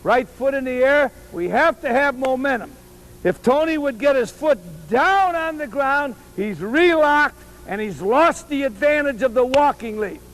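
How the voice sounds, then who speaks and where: A man's voice: extremely high pitch, animated, measured pace, fairly bright tone, rough recording. A man coaching baseball on a field, demonstrating drills with emphatic, repeated key phrases, from an old VHS tape. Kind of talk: instructional demonstration.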